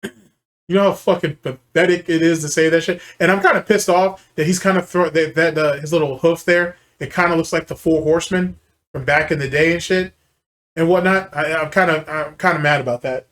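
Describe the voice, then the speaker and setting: A man's voice: on the high side, steady tone, brisk, fairly bright tone. Angry ranting male commentator. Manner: heated, profane, scornful ranting. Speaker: commentary channel host. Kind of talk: reaction commentary rant.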